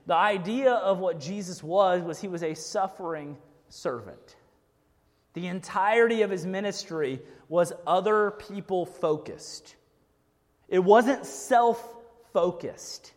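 High-voiced preacher in a reverberant hall. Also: male voice. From United States. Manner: casual, keeps asking "right?". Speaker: pastor. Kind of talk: sermon.

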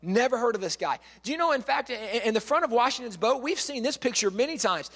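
High-voiced man lecturing in a hall. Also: quick pace. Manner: lively, acts out quotes, repeats words. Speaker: speaker. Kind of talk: animated storytelling lecture. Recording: long hall reverb.

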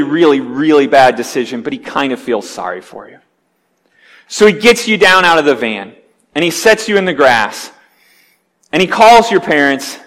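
High-voiced man preaching in a hall. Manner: animated storyteller, acts out scenes with rising intensity. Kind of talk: sermon storytelling. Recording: long hall reverb.

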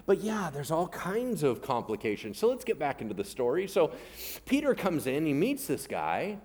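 A pastor with a fairly high, husky voice preaches at a moderate pace. His sermon is casual and animated storytelling, with biblical characters acted out in everyday modern voices, and he often asks the congregation to agree with him.

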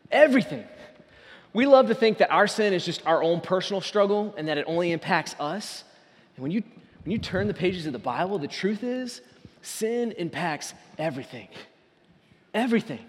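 A man preaching a sermon as pastor, earnest and building to loud emphatic peaks. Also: high voice, big-room sound.

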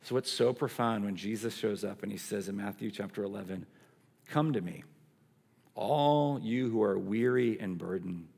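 Male pastor, middle-aged, low gravelly voice, sermon delivery that moves between emphatic and hushed. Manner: swings from emphatic to hushed, drawn-out phrases.

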